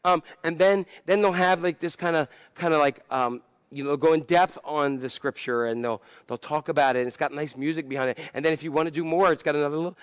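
A man's voice: a little high, fast talker, few pauses, clear, resonant tone, no echo. A man preaching a sermon, talking in a conversational, self-deprecating way that builds to impassioned emphasis. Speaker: pastor.

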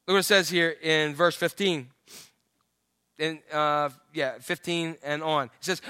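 A middle-aged male pastor delivers a sermon, swinging from hushed lines to loud acted-out shouts. His voice sits high and sounds bright. The sound is dry and close. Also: moderate pace, clean tone, dry recording. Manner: animated storytelling, acts out the father's voice.

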